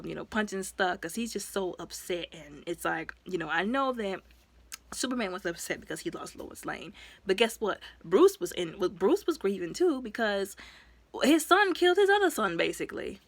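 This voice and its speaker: A woman giving a casual, rambling recap of a movie as a reviewer. She talks in a lively, expressive way, full of asides and fillers. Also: dry recording. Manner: lively and expressive, with sudden jumps in pitch and loudness.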